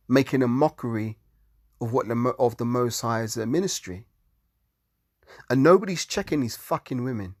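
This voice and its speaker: A man's voice: medium pitch, no echo, studio quality. Profane, exasperated man ranting. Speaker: religious commentator. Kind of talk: heated monologue.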